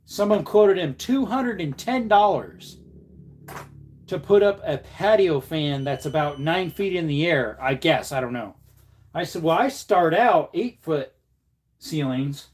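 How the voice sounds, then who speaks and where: Man, fairly high-pitched voice, casual livestream host, joking, chatty, reading viewer comments. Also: expressive, a little slow, darkish tone. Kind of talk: casual live stream chat.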